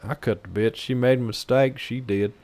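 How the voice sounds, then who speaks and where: A man's voice: mid-range voice, fairly even intonation, moderate pace, a little mellow, lightly acted. A man reading as a crude, violent miner. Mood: defiant.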